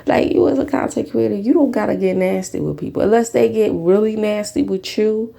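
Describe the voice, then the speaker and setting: A woman ranting bluntly and profanely as a YouTube commentator at home, dropping to low mutters and jumping to sharp high bursts. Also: brisk, creaky.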